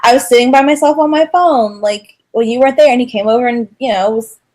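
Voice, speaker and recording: Her voice is on the high side and her pace quick as this female podcast co-host spins an animated story in casual chat. Along the way she acts out what others said.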